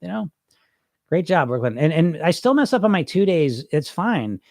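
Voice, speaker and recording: Guy hosting a live show, kinda high voice, blunt and repeats himself, dry close mic. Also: big pitch swings, normal speed, creaky, no echo. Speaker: podcast host. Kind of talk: live-stream chat reading comments.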